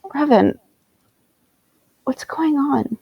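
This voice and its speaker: A woman's voice: high-pitched, big pitch swings, brisk, vocal fry, breathy edge, no echo, highs cut off, voice pushed up, heavily acted. A woman playing a worried young woman who anxiously pleads with her companion in a tabletop game. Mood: pleading.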